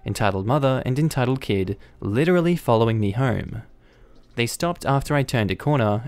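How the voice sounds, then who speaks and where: A man narrating online stories in a steady, matter-of-fact reading voice. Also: medium pitch, dry recording. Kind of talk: scripted story narration.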